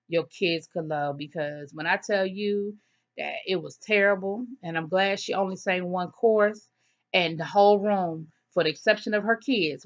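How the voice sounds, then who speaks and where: A woman casually recapping a TV episode, telling it as an animated story and acting out the characters' lines. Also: lowish voice. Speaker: TV episode reviewer. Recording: dull lo-fi sound.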